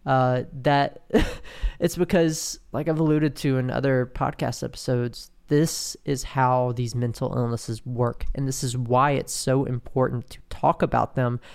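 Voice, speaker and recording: A man hosting a podcast, talking candidly and haltingly about his own withdrawal pain, with many restarts and fillers. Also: mid-range voice, fairly even intonation, gravelly, smooth. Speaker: podcast host. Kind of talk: personal monologue.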